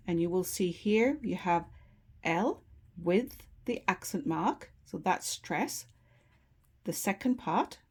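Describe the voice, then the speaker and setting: A woman teaching a lesson, explaining slowly and patiently with simple examples. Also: medium pitch, slightly rough.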